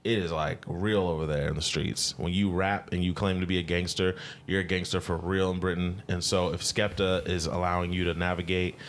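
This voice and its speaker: A man with a deep voice chats casually as a podcast co-host. He talks with animated energy and laughs often. Faint noise sits behind him. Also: fairly quick, few pauses. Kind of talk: casual chat.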